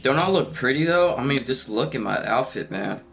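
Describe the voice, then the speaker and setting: A man streaming an online shooter, swearing nonstop and yelling repeated orders at his teammates between jokes. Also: mid-range voice, lively intonation, normal speed, creaky. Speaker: gamer streamer. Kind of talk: profane casual gaming chatter.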